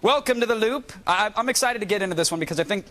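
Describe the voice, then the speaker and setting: A man co-hosting a live TV show, bantering loudly and playfully with jokes. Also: sits high, lively intonation, rapid-fire. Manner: joking, loud and playful. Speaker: TV show co-host. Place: TV studio.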